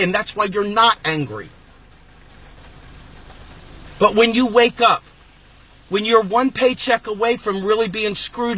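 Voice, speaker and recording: A man hosting his own political channel, delivering an angry, emphatic rant and sometimes shouting. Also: high-pitched, husky. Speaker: host of a political video channel. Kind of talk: impassioned political rant to camera.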